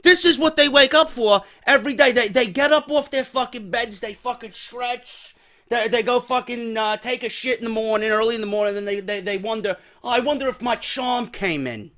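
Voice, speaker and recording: A man's voice: very high-pitched, steady tone, brisk, sharp tone. A man from New York hosting a podcast, telling a story in a profane, heated, exasperated rant. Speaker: podcast host. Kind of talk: ranting storytelling.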